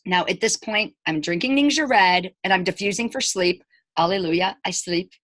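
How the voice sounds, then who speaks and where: A woman's voice: mid-range voice, no room sound. A woman in her forties, a teacher, chatting casually to camera about her own experience and acting out what others said. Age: 40s. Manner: chatty, retells scenes by quoting people in dialogue; emphatic, animated asides to viewers. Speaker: elementary school teacher. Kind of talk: casual personal storytelling to camera.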